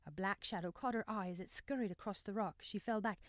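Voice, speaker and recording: A woman narrating a novel in an even, measured reading voice, close to the mic. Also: mid-range voice, no room sound. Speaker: audiobook narrator. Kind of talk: scripted narration.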